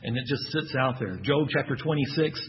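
Texan preacher asking the crowd questions. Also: male voice, medium pitch, brisk, lo-fi sound. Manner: asks the audience questions, animated and emphatic. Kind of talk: sermon.

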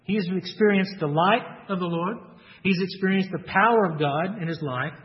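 A man preaching an expository Bible sermon, lively and acting out the speakers he quotes with sudden high jumps in his voice. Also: normal speed, long reverb tail, dull audio.

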